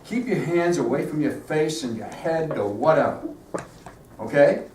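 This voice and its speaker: A man directs actors through stage notes in a high, animated voice, punctuating each point with a quick "okay?" and bursting into demonstrations. He is picked up from a distance in a roomy, echoing theater with faint ambience behind. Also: a little hiss or hum. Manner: brisk, repeats "okay?", acts out lines loudly. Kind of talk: giving stage notes at rehearsal.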